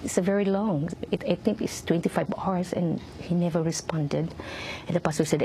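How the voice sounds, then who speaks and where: A middle-aged woman giving emotional personal testimony in an interview, speaking haltingly, repeating words and acting out quoted lines. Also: fairly low pitch, warm tone, slight background noise. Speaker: interview guest.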